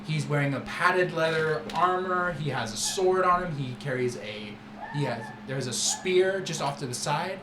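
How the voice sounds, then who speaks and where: A man narrating a tabletop game as game master, describing scenes in a relaxed, halting way. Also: a little high. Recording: roomy room with background noise.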